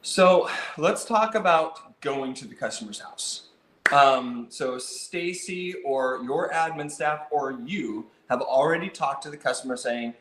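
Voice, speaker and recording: Man, energetic instructor, acts out customer calls, slightly high voice, echoey room. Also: unhurried. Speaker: piano technician instructor. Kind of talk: instructional talk.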